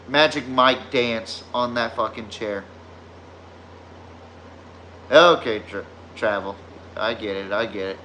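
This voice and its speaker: A man's voice: mid-range voice, bright, forceful tone, a little hiss or hum. A man with a Southern US drawl hosting a casual sports podcast, telling rambling, profane stories. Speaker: podcast host.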